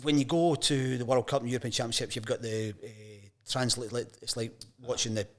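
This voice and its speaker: Scottish man telling lively anecdotes. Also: mid-range voice, a little fast. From Scotland. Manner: lively anecdotes, acts out quoted voices. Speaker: guest, sports journalist. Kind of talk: casual storytelling interview.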